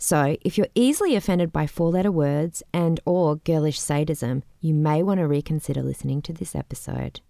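Low, gravelly woman introducing over music. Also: normal speed, hardly any pauses, warm tone. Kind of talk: scripted episode introduction. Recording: narration over clear music.

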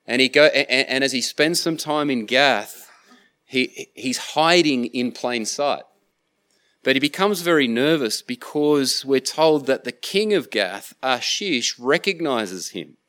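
A man's voice: mid-range voice, expressive, measured pace, a bit bright. A man preaching a sermon, retelling a scripture story in casual everyday slang. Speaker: pastor.

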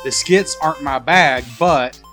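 A man's voice: a little high, a little slow, pushed and bright, faint music behind. A man co-hosting a retro game podcast, reading listener reviews aloud in playful banter. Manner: reads reviews aloud with playful mock alarm. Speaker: podcast co-host.

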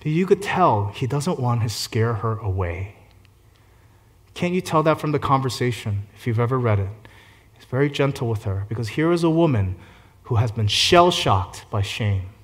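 Male pastor delivering a sermon, mid-pitched, moves between soft gentle stretches and rising fervent peaks. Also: lively intonation, normal speed. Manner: swings between gentle hushed passages and loud fervent climaxes.

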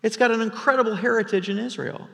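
A man's voice: high-pitched, fast talker, gravelly, a bit bright, long reverb tail, voice pushed up. A man voicing a commanding wise woman of an ancient city, speaking proudly and insistently in a raised voice.

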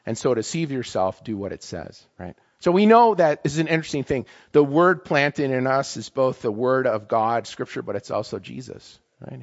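Emotional, chatty male campus minister preaching, mid-pitched, slightly muffled lo-fi sound. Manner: emotional, conversational, frequent "right?" tags. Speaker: campus ministry staff speaker. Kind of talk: casual sermon talk.

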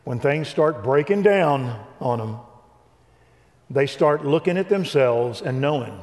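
Older man, evangelical speaker, animated storyteller, mid-pitched voice, long hall reverb. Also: unhurried. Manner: animated storyteller, acts out dialogue. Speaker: Christian speaker. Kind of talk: preaching testimony.

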